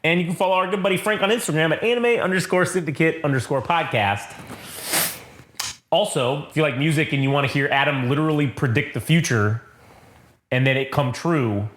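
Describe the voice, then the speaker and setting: A man's voice: on the high side, brisk, a bit bright. A man co-hosting a comic-book podcast, rambling loosely, swearing a lot and mocking himself. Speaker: podcast co-host. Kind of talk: casual comic-book chat. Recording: roomy echoey room.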